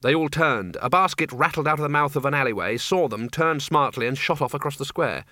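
A man's voice: a little high, brisk, pushed and bright, dry recording, clean studio sound. A man narrating a comic fantasy audiobook in a wry storytelling manner.

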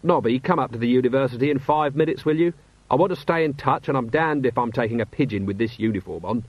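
Male reader as a tired, deadpan city-watch chief, dry close sound. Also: medium pitch, fast talker, no room sound, close to an everyday voice. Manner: dry, glum. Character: weary, dry-witted male watch commander. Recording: dull, slightly lo-fi.

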